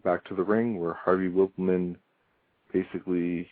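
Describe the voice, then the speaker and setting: A deep-voiced man talks through a casual solo review, rambling with lots of ums and dry, wry asides. His voice comes through a tinny, phone-like line. The sound is flat and dead, with no room around it. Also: normal speed, no room sound. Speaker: podcast host reviewing wrestling.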